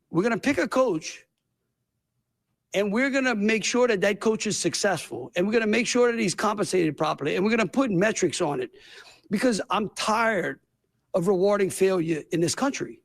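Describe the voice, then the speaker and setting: A man with a Louisiana accent, a state governor giving emphatic, rambling, folksy press conference remarks. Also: high-pitched.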